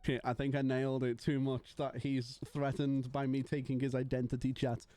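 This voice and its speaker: A man's voice: mid-range voice, flat delivery, normal speed, mellow, soft background music. A young man streaming live, chatting casually and joking with his viewers. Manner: playful, joking banter with chat.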